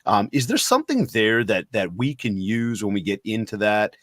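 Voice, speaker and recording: A man's voice: fairly low pitch, moderate pace, no echo. Podcast host man, dry close sound. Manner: rambling, searching questions and lively storytelling. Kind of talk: casual conversational interview.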